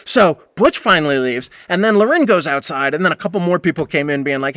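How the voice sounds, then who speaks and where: Forceful, profane man telling a story. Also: on the high side, normal speed, few pauses, no echo. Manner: profane, rambling, animated. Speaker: podcast host. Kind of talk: casual storytelling monologue.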